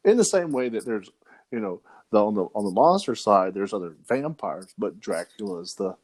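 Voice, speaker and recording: A man's voice: fairly low pitch, expressive, moderate pace, a little mellow, no room sound. A man co-hosting a podcast in casual chat, rambling with frequent restarts. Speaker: podcast co-host.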